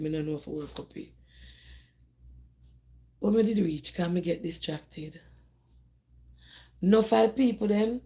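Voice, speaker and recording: A woman's voice: fairly low pitch, vocal fry, a little mellow. A middle-aged Jamaican woman hosts a casual live stream from her phone. She speaks with a strong Jamaican accent and talks directly to her viewers. She often repeats words and restarts her sentences as she goes. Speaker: host of a live call-in discussion.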